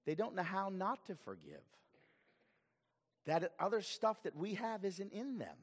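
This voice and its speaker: A male pastor preaching a sermon in an animated way, often repeating words as he goes. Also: high-pitched, unhurried, slightly rough, in a large hall.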